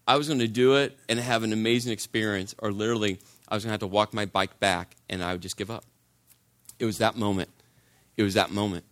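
A man's voice: lowish voice, fairly bright tone. A man preaching a sermon, telling a personal story in a conversational way and repeating phrases for emphasis.

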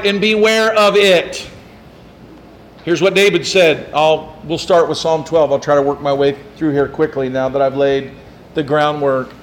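A middle-aged pastor delivers a sermon in a notably high male voice, reading scripture aloud in old wording. He drops into soft, fawning asides when he imitates flatterers. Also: low-quality recording. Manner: reads scripture in King James wording.

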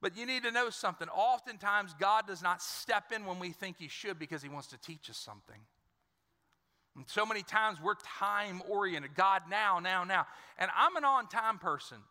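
In a church sanctuary full of hall reverb, a pastor delivers a sermon at a moderate pace. His high-pitched voice is bright and forceful with lively intonation, and he drives his points home emphatically, repeating words and calling to the congregation for responses.

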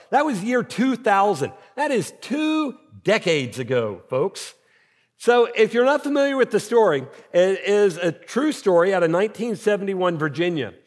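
A male senior pastor with a notably high voice, preaching to his congregation in an easy, conversational way. He keeps asking rhetorical questions. His voice rings out with a long reverb tail from the church auditorium. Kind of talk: sermon.

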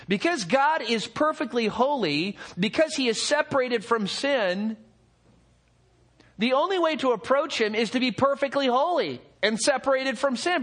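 High-voiced, expressive male preacher. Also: moderate pace. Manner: expressive, swinging between excited and hushed. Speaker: pastor. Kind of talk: sermon.

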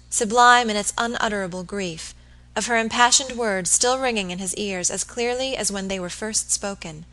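Woman reading an old novel out loud, steady narration, bright voice. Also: mid-range voice, normal speed, rough recording. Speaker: audiobook reader. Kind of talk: scripted narration.

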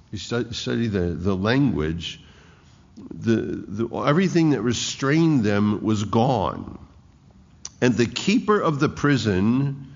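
A man preaching a sermon, reading scripture aloud and explaining it with slow emphasis and frequent restarts. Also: lowish voice. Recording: echoey hall, dull lo-fi sound.

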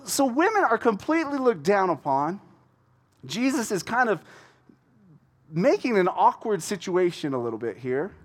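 A man with a fairly high voice preaches a casual, conversational sermon. He is animated and often restarts his sentences. He acts out the people in his story as he goes.

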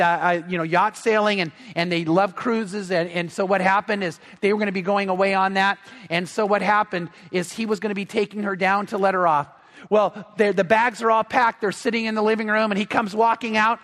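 A pastor preaches a sermon in a church, telling a story conversationally with repeated words and fillers. His voice is high-pitched and fairly bright, carried by the long reverb of the church hall.

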